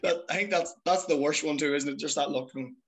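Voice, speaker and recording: A young Irish man chats as a guest over a video call. He tells stories at a lively clip, swears freely, and slips into quick impressions of the people in them. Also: on the high side, rough recording. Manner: lively storytelling, swearing, mimics voices. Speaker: podcast guest. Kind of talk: casual chat.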